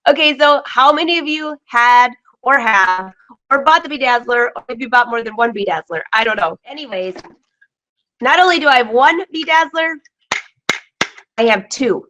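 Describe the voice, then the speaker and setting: A woman hosting a live sewing vlog from her home studio, chatty and excitable, laughing often. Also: on the high side, moderate pace. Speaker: vlog host. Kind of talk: live-streamed casual chat.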